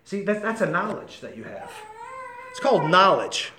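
A male preacher with a high, ringing voice delivers an impassioned sermon. He swings from loud bursts down to hushed, intimate lines and calls on his listeners by name. The sound is roomy and echoey. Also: animated, a little fast, a little hiss or hum. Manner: impassioned, swings between shouting and near-whispering.

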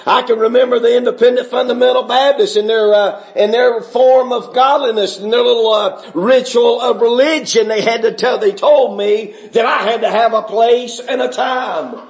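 A middle-aged man preaching a fervent testimony sermon, building from quiet recollection into shouting. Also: very high-pitched, steady tone, moderate pace, few pauses. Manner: fervent, rising to shouts, Southern preaching cadence.

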